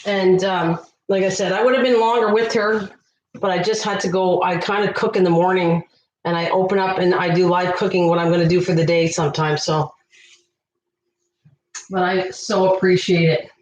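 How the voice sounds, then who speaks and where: A woman hosting a casual cooking livestream, chatting away and warmly thanking viewers by name from her kitchen. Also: fairly low pitch, fairly even intonation, normal speed, slight background noise. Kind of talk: casual live-stream chat. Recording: echoey room.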